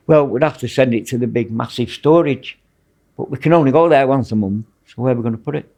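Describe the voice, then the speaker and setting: A gravelly, darkish voice of medium pitch belongs to a fast-talking former prison officer from Manchester, England. Guesting on a podcast, he tells blunt, meandering anecdotes in his Mancunian accent during a casual storytelling interview.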